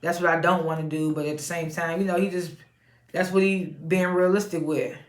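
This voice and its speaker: A woman's voice: fairly low pitch, steady tone, a little fast, roomy sound. A woman casually recapping a reality show episode, chatty, laughing often and retelling scenes in quoted voices.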